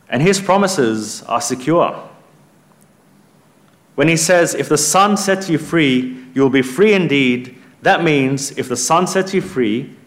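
Guy preaching a sermon, earnest and emphatic, voice goes up on the scripture quotes. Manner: earnest, emphatic, rises in pitch when quoting scripture.

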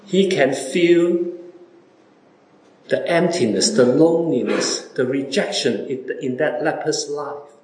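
A male preacher with a fairly high voice delivers his sermon slowly and deliberately. He presses his listeners with one rhetorical question after another, swinging from loud emphasis to near-quiet. The sound echoes around the room. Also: slight background noise. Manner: repeated rhetorical questions to listeners, wide dramatic swings in pitch and loudness.

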